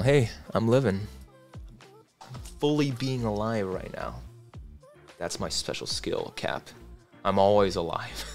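Low-voiced man reading chat on a livestream. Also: slow pace, pauses often, faint music behind. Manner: relaxed, reads chat aloud, chatty asides. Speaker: livestream host.

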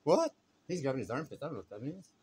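A man's voice: mid-range voice, big pitch swings, very fast, darkish tone, a little hiss or hum. A man vlogging from a shop counter on his phone, rambling and stammering with wry remarks. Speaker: vlogger filming a shop visit. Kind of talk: casual running commentary.

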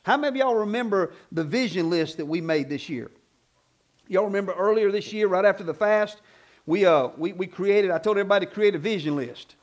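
A man preaching a sermon as pastor, with a folksy, conversational delivery that builds to loud emphatic passages. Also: high voice, a little fast. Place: church sanctuary.

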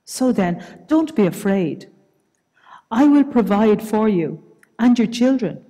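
A woman voicing a forgiving elderly male patriarch in a scripture reading, gentle and reassuring. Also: high voice, animated, slow pace, full character voice. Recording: reverberant church hall.

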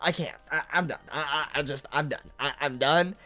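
A woman's voice: sits low, moderate pace, pushed and bright, soft background music. A woman reviewing anime in an angry, profane rant, stumbling over and repeating her words.

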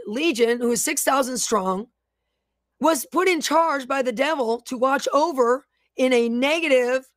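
A woman's voice: high-pitched, no room sound, studio quality. A woman minister leading a live-streamed prayer and Bible teaching, declaring prayers with fervent command and reading viewer comments aloud. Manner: reads viewer comments aloud between remarks.

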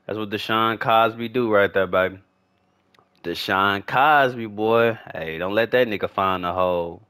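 A young man commentating his own football video game as he plays, slangy and swearing, often shouting with excitement. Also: lowish voice, unhurried, clean tone. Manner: trash-talking, swearing, hyped shouts; slangy, repetitive casual speech. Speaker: gaming YouTuber. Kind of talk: live gameplay commentary.

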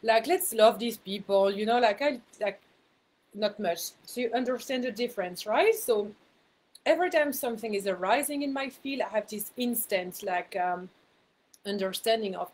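A woman's voice: fairly high pitch, animated, moderate pace, slight background noise, low-quality recording. A woman speaking as a spiritual mentor, giving a casual talk to her viewers in a chatty way, laughing at herself and repeating words for emphasis.

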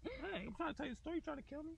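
Vlogger, man, gravelly voice, joking banter, faint hiss behind. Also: extremely high pitch, sing-song, rapid-fire. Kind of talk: casual family vlog chat. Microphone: clip-on microphone.

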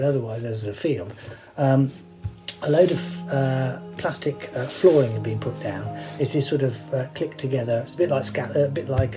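A man's voice: medium pitch, rough recording. A man hosting, telling rambling, wry anecdotes with many asides and fillers. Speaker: host sharing stage rigging anecdotes.

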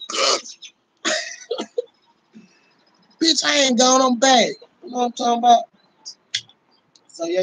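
A man on a casual livestream, ranting in a loud, profane, boisterous way and laughing often. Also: high-pitched, gravelly, rough recording.

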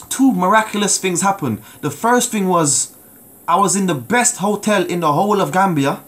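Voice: mid-range voice, fairly bright tone. Preacher calling out to the congregation. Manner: emphatic, repeats words, calls out "Amen?" to listeners. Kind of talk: sermon with personal testimony.

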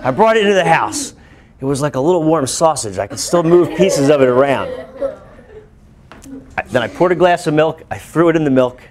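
Animated male teacher telling a story. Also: on the high side, a little fast, crowd noise. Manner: animated, acts out voices and screams. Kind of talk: classroom storytelling. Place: school classroom.

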